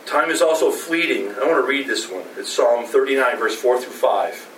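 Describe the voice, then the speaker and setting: A man's voice: medium pitch, moderate pace, a bit bright. A middle-aged man preaching a Sunday sermon as pastor, speaking conversationally and asking the congregation rhetorical questions. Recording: roomy, distant, faint ambient noise.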